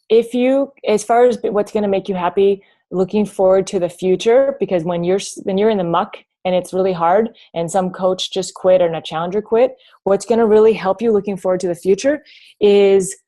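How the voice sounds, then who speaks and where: A woman's voice: fairly low pitch, dark tone. A woman coaching her team over a video call from home, chatty and rambling with many restarts. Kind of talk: motivational team talk.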